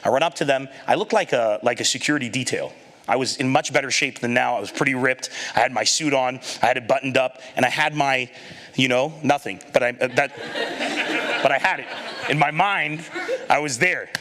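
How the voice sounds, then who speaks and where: Bright-voiced man telling a comic story. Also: medium pitch, normal speed, a little hiss or hum. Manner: animated, acts out the people in his anecdotes; laughs at his own lines. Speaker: comedian giving a talk. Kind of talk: storytelling stand-up talk.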